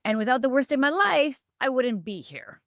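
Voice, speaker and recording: A woman's voice: big pitch swings, a little fast, fairly bright tone, no echo. Earnest middle-aged woman, dry close sound. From Upper Michigan, USA. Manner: earnest, emphatic, with sudden lifts and drops in pitch. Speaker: life coach guest. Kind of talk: emotional personal storytelling.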